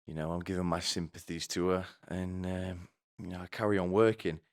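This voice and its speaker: A man with a very deep, low voice tells a rambling comic story. His delivery is deadpan and crude, full of asides. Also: fairly quick. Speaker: comedy vlogger.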